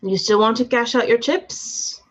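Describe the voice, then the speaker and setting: A woman's voice: fairly high pitch, unhurried. A woman voicing a beefy, menacing male werewolf thug in a clumsy put-on heavy Russian accent, on a dull lo-fi recording. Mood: mocking.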